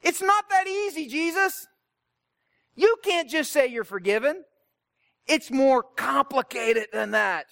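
A preacher voicing a group of fussy, rule-bound religious scholars who lecture in exasperation and pile up objections. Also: male voice, very high-pitched, fast talker, creaky, hardly any pauses, pushed and bright, no echo, clean studio sound, pitched above the performer's own voice, heavily acted. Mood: indignant.

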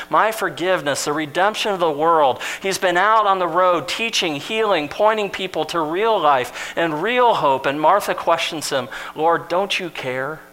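A man's voice: sits high, pushed and bright, low-quality recording. A man preaching a sermon in a conversational, storytelling way, acting out the lines he quotes.

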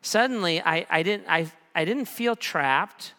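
Guy in his 40s preaching, bright clear voice, bit higher pitched, chatty storyteller with jokes at his own expense, big hall echo. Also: a little slow. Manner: conversational, self-deprecating humor. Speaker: pastor. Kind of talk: sermon storytelling. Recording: long hall reverb.

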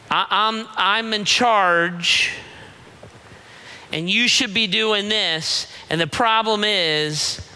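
A middle-aged male pastor preaching in a slow, deliberate rhythm. His tone is bright and forceful. He leans hard into emphasis and acts out quoted voices with playful energy. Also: high voice, clear, resonant tone. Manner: emphatic, acts out God and people in quoted lines. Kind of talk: sermon.

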